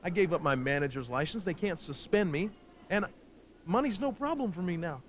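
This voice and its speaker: A man's voice: high-pitched, expressive, brisk. A man doing brash, taunting color commentary for a wrestling show, boasting and mocking the wrestlers.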